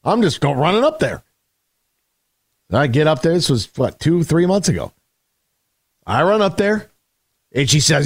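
A man hosting a sports radio show, delivering an emphatic, opinionated monologue that swings between loud punchlines and low grumbles. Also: very animated, unhurried, pauses often, slightly rough, no echo, clean studio sound.

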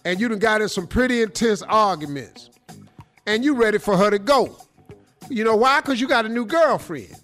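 A man hosting a show, giving comedic advice commentary in an animated, teasing, streetwise style. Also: high-pitched, moderate pace, soft background music. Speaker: radio show host.

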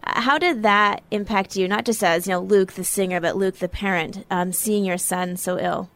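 A woman interviewer asking measured, gentle questions. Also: mid-range voice, dry recording.

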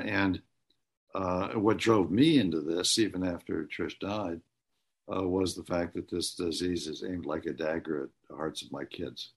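A man speaking as an interview guest, telling stories in an earnest, halting way with many pauses. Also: low-pitched, slightly rough. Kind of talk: conversational storytelling.

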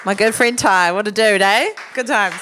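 A woman's voice: medium pitch, normal speed, noisy background. Chatty New Zealand woman host. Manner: chatty, lots of fillers. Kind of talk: live storytelling. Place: live theatre stage.

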